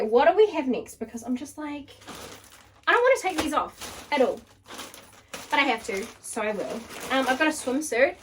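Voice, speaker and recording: A woman's voice: sits high, a bit bright, far from the mic, slight background noise. A young woman vlogging in casual chat, bubbly and gushing, full of "like" as she tries on clothes at home. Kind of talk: casual try-on haul chat. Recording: voice picked up from across the room.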